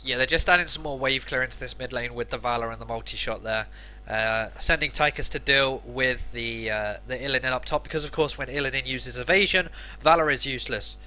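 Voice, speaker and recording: A man's voice: mid-range voice, brisk, sharp tone. A man co-casting a live esports match, giving analytical color commentary. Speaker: esports co-caster.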